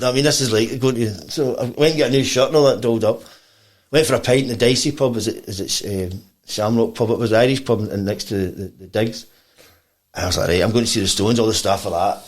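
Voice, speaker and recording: A Scottish man, a bassist guesting on a podcast, tells a long, animated story full of quoted voices and laughter. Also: fast. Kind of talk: casual storytelling.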